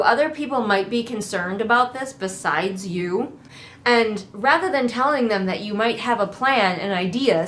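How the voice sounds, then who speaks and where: A woman's voice: medium pitch, a bit bright, slight background noise. A woman giving a casual, sarcastic book critique, swearing freely and mocking the characters. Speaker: book reviewer.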